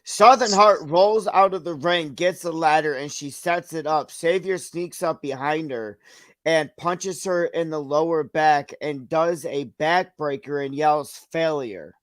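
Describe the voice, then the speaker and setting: A man co-hosting an online show, narrating a wrestling storyline casually and reacting with animated comments. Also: on the high side, a little slow, dry recording. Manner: animated, reacts loudly to the action. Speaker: co-host.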